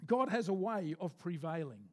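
Pastor guy preaching, pretty high voice, gets the crowd to say stuff back. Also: very animated. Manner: preaching with congregation call-and-response, slowing for scripture. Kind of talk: sermon.

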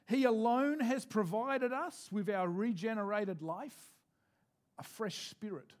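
A man preaching a sermon as pastor, leading the congregation in responses and reading scripture slowly. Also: sits high.

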